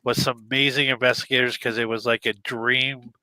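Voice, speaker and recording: A man's voice: medium pitch, little pitch movement, fairly quick, over a noisy crowd, low-quality recording. A man hosting a casual interview podcast and talking enthusiastically with his guest. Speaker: podcast host.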